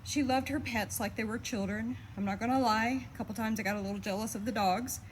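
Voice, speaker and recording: A woman's voice: fairly high pitch, a little fast, slight background noise, poor audio. Woman reading a heartfelt eulogy. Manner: steady, heartfelt, fondly reminiscing. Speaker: daughter giving a eulogy. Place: memorial service.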